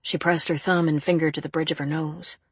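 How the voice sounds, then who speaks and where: An audiobook narrator reading a thriller in a measured, even storytelling manner. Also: mid-range voice, breathy edge, no echo. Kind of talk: scripted narration.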